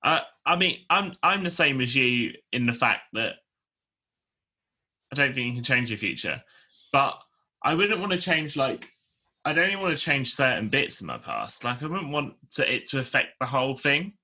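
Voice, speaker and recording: A man from the UK co-hosting a podcast, animated and quick to rant. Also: mid-range voice, breathy edge. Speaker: podcast co-host. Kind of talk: casual podcast chat.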